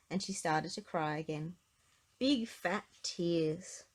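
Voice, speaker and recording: A woman reading a children's storybook aloud in an expressive, gentle way. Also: on the low side, normal speed. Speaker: storybook reader.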